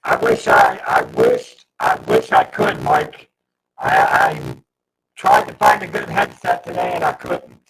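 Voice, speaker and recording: A man with an extremely deep, gravelly voice chats casually on his livestream. He stumbles and restarts as he troubleshoots his connection. The audio carries a steady layer of noise. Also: measured pace, recorded from a distance. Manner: flustered, restarts while fixing audio trouble. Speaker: livestream host. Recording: noisy livestream audio with hiss.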